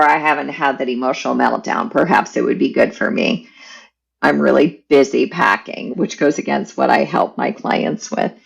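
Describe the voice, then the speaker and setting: A woman shares a personal family story in a candid, animated way. Her voice is heavily gravelly and husky, and her pitch rises and falls a lot. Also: highs cut off. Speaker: podcast guest.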